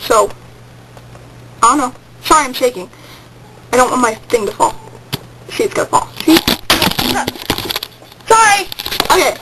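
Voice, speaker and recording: A woman's voice: high voice, sing-song, unhurried, long pauses, heavy background noise. A teenage girl telling a rambling story on a home webcam vlog, hyper and jumping into sudden squeals. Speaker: vlogger. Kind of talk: casual excited vlog storytelling.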